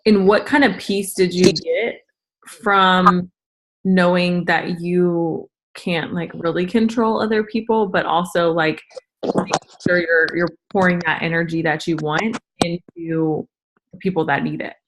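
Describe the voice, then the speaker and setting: A woman's voice: lowish voice, unhurried, background noise. A woman hosting a casual interview, asking loose questions with lots of filler words. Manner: relaxed, filler-heavy questions. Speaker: host.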